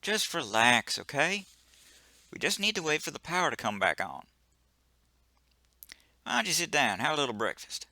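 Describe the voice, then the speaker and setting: Man voicing a laid-back ship engineer, game character, breezy and dismissive, lively pitch, bright tone. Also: moderate pace, long pauses, no echo, studio quality, heavily acted. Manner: breezy, brushes off worries.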